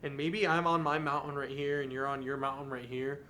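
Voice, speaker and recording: A young adult man hosts a podcast, speaking earnestly, candidly and confessionally in a casual monologue. His mid-range voice is bright and forceful, fairly quick with flat delivery, with slight background noise.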